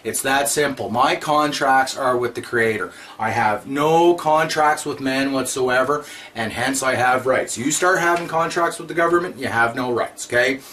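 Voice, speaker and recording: A man's voice: mid-range voice, normal speed, pushed and bright, a little hiss or hum. A man giving a blunt, repetitive, scolding monologue to his viewers. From Canada. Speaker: vlogger. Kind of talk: ranting monologue to camera.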